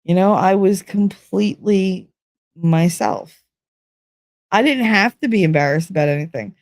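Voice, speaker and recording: A woman's voice: mid-range voice, measured pace, darkish tone, no room sound, studio quality. A woman casually telling a candid, profane personal story, acting out both sides of the conversation. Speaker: stream host.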